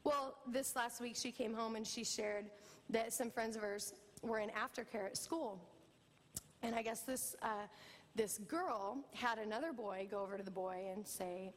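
A middle-aged woman pastor preaching a sermon, telling a family story with lively, animated delivery. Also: a little high, a little slow, long reverb tail. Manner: storytelling, animated, acts out quoted voices. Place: church.

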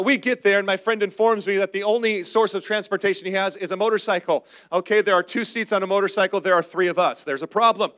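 A man's voice: high-pitched, fairly bright tone. A man in his forties, a pastor telling a humorous personal story in a sermon and calling out to the congregation.

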